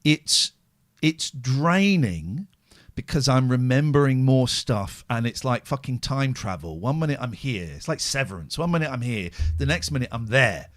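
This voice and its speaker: A man's voice: medium pitch, lively intonation, moderate pace, no room sound, studio quality. A middle-aged man hosting a podcast, talking openly and emotionally, worn out and swearing heavily. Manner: raw, emotional, heavy swearing. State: exhausted and drained. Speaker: podcast host. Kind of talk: candid podcast chat.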